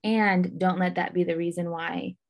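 A woman's voice: on the low side, steady tone, normal speed, vocal fry. Chatty, winded woman co-host. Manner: chatty, many fillers like "like" and "um". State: winded from pregnancy. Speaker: podcast co-host. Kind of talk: casual chat on parenting.

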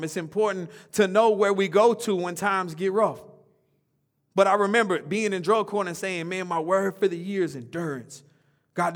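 A man preaching a sermon, his voice sitting a little high for a man. He talks in a loose, conversational way and leads call-and-response with the congregation. His emphatic lines rise in pitch and volume, and his softer lines drop back down. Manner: call-and-response preaching, rising emphatic then dropping soft; informal, conversational speech.

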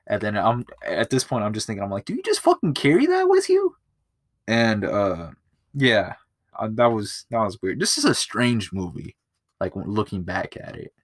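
A man hosts a laid-back movie-review podcast and rambles through it, full of swearing and filler words. His voice sits on the low side. The recording is dry and close-miked. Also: a bit bright, no echo. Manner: rambling and profane, with lots of filler. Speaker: podcast host.

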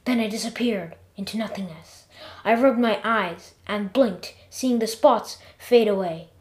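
A woman narrating her own episodic story in a lively, expressive reading. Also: medium pitch, unhurried.

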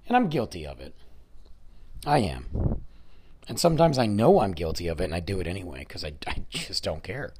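An adult man with a school-age son hosts a podcast, his voice fairly low and darkish with a breathy edge. He tells a story as a rambling, chatty monologue packed with asides and fillers.

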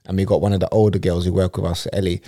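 A man's voice: sits low, little pitch movement, very fast, dark tone, no echo, clean studio sound. A young man, co-hosting a casual podcast chat, full of slangy, teasing banter. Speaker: podcast co-host.

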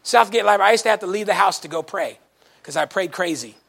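A man preaching a sermon to a congregation, telling folksy stories in an animated way and breaking into shouts now and then. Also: high-pitched, quick pace, creaky. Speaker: pastor. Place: church service before a congregation.

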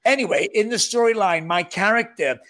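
A man with a blended North Welsh and Scouse accent, a guest actor telling stories in an animated, self-mocking way with frequent restarts. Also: high-pitched, brisk. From North Wales near Liverpool. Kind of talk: casual interview chat.

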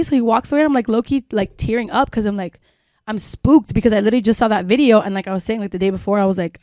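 A woman's voice: medium pitch, fast talker, a little mellow, no echo. A woman co-hosting a chatty podcast, spinning a long personal story full of "like" and casual swearing. Her voice sits in a middle register. The recording is dry and close, with no room sound. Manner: rambling storytelling with many fillers and swearing. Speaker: podcast co-host. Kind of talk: casual chat.

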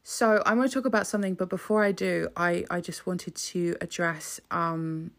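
Podcast host: young woman, low gravelly voice, rambling and sweary. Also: fairly even intonation, moderate pace. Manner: chatty, sweary, rambling with many restarts. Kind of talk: solo podcast monologue.

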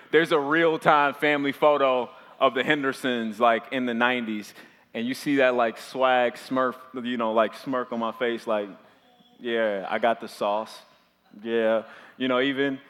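Young male pastor, twenties, casual storytelling sermon, filler-heavy chatty delivery, bright tone, long hall reverb. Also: medium pitch. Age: 20s. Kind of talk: storytelling sermon to a live audience.

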